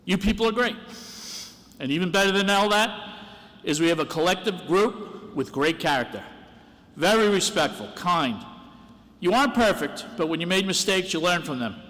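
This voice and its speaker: Man, school dean, bright voice, earnest commencement address in a reverberant hall. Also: high voice, animated, moderate pace. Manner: earnest, encouraging, self-deprecating. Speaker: dean of the senior class. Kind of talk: graduation speech.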